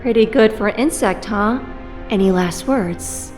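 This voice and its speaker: A woman's voice: medium pitch, measured pace, a little mellow, soft background music, natural voice. A young woman voicing a fierce, weary young woman hero in an audio drama, blunt and defiant.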